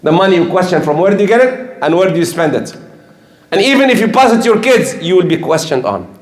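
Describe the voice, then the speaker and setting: Older preacher guy, high voice, echoey mosque room, earnest and repeats himself. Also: very animated, quick pace. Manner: earnest, repetitive, emphatic, with slips. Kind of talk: sermon.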